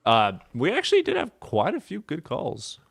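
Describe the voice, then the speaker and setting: A man streamer in casual livestream chat, reading and answering chat questions in a rapid, profane, offhand way. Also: a little high, wildly swooping pitch, vocal fry, a bit bright.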